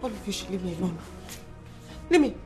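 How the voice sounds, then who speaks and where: A woman's voice: medium pitch, lively intonation, fairly quick, music in the background, natural voice. An actress playing a distraught, crying mother who is hysterical and pushes everyone away. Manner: hysterical, pushing people away. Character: distraught grieving mother, wife.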